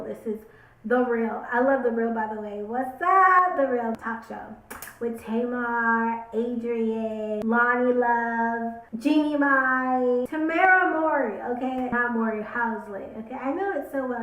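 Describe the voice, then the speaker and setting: A woman's voice: fairly high pitch, a bit bright. Emphatic woman vlogging in a roomy space. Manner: emphatic, opinionated, repeats herself for stress. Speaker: beauty vlogger. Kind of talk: casual talk to camera. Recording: roomy echo.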